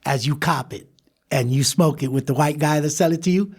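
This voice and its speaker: Gravelly-voiced man telling prison stories. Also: on the high side, brisk. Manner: animated, laughs through stories, acts out quoted voices. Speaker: podcast guest. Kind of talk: storytelling interview.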